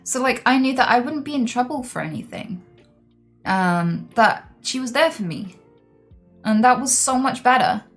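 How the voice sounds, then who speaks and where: A woman's voice: on the high side, expressive, normal speed, faint music behind. A woman chatting candidly on a live stream, telling personal stories frankly. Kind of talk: casual live-stream chat.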